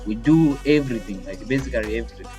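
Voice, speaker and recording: A man's voice: mid-range voice, quick pace, warm tone, faint music behind. A young man chatting casually with his voice assistant, hesitant and rambling with lots of fillers. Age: young adult. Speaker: tech video creator.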